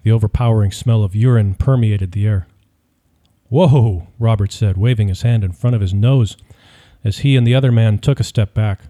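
A man reading a story aloud as narrator, in a steady, measured delivery. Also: fairly low pitch. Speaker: audiobook narrator. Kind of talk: scripted narration.

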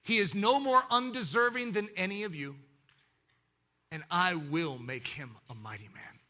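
A loving shepherd king with a soft, hushed voice that sits fairly high and bright, as a preacher puts him on. He speaks slowly and tenderly, near a whisper, and keeps a gentle authority. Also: heavily acted.

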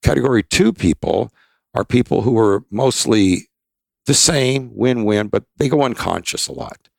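A man's voice: medium pitch, animated, normal speed, gravelly, darkish tone, dry recording. An older man, a podcast guest, telling rambling, emphatic anecdotes in a casual interview. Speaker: expert guest.

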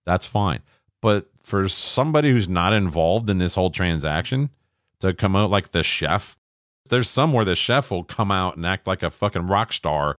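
A man's voice: deep voice, expressive, moderate pace, fairly bright tone, dry recording, clean studio sound. A middle-aged man co-hosting a podcast, swearing freely as he rants and mimics people in casual chat. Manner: profane, ranting, acts out quoted voices. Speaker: podcast co-host.

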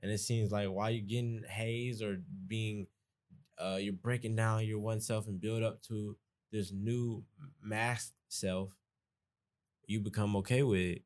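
A man's voice: lowish voice, steady tone, unhurried, a little mellow. A young man with a Southern Georgia accent, talking casually as a podcast guest, rambling and restarting his sentences. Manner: rambling, restarts often, folksy. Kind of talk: casual conversation.

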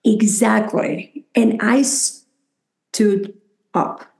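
A woman with a Mexican Spanish accent speaks with a gravelly edge to her voice. She tells her experiences in a reflective, animated way, often slipping into the voices of people she quotes. The room around her is echoey. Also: medium pitch, very slow. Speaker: psychotherapist guest. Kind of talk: conversational interview.

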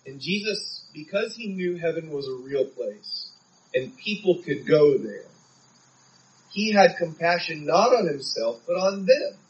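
Earnest preacher, slightly high voice. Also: male voice, animated, a little slow, far from the mic, highs cut off. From San Diego. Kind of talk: sermon.

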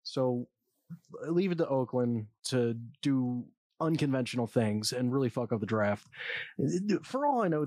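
A man's voice: medium pitch, no echo. Man, casual sports commentary, opinionated, swears casually, dry sound. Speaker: football draft commentator.

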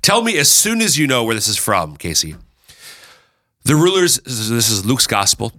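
A man hosting a casual chat, explaining Bible readings with lively, playful asides. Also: medium pitch, normal speed, no room sound, studio quality. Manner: lively, animated, breaks into playful character voices. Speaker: podcast host explaining scripture.

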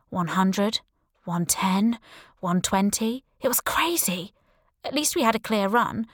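A woman reading a first-person audiobook thriller in a lively, wry, dramatic way. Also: medium pitch, dry recording, studio quality. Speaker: audiobook narrator.

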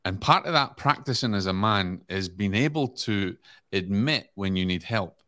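Deep-voiced Scottish man, calm and reflective. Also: moderate pace. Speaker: podcast guest. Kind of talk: casual podcast talk.

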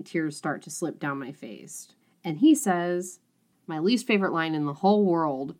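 Animated woman reading aloud with sarcastic flair. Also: sits low, unhurried. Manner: animated, profane, reads aloud with exaggerated voices. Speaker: podcast co-host. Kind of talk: casual chat recapping a novel.

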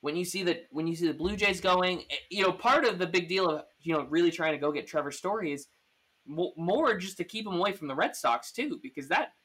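A man's voice: high voice, fairly quick, fairly bright tone, slightly rough. A man hosting a podcast, chatting casually about sports with lots of fillers and restarts. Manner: rambling, full of fillers and restarts. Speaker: podcast host.

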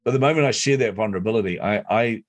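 A middle-aged man telling a personal story as an interview guest, animated and competitive. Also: on the low side, very fast. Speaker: guest, speaker and entrepreneur.

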